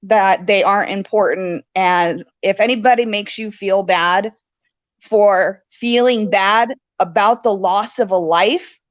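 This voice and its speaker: A woman's voice: mid-range voice, takes it slowly, no room sound. Earnest woman co-host, dull lo-fi sound. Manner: earnest, emphatic. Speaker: podcast co-host. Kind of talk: casual chat. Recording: dull, lo-fi remote audio.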